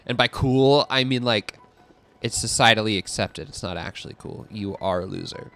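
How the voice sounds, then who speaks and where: A man's voice: on the low side, normal speed, a little hiss or hum. A young man chatting casually and giggling while he streams a game. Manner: animated, giggly and rambling. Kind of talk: casual chat while gaming.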